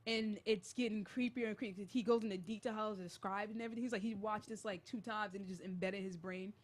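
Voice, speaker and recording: A young woman hosting a college radio show, retelling a creepy story in a casual, animated and jittery way. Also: medium pitch, quick pace.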